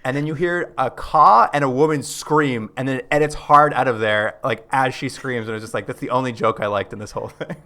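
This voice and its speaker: A man co-hosting a casual podcast, his tone bright and clear. He walks through the film scene by scene and laughs often along the way. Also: mid-range voice, steady tone, brisk, few pauses. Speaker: podcast co-host. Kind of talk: casual chat.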